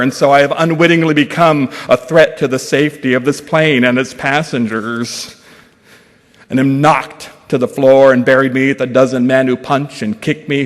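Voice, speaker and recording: A man at middle pitch gives a dramatic reading of his own prose, measured and slow. He often drops to near a hush. The sound carries the long reverb of a large event hall. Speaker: guest speaker.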